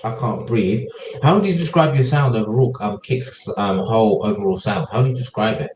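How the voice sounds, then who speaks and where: A man's voice: on the low side, fairly quick, a little mellow. Male podcast host, casual and encouraging, distant echoey recording. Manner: encouraging, agreeing with short murmurs. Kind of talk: casual interview chat. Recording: echoey room, off-mic, faint noise.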